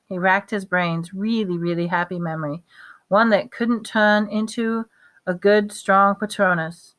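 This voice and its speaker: A woman reading a novel aloud at a steady pace, with small slips and restarts. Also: medium pitch, a little slow. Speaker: audiobook reader.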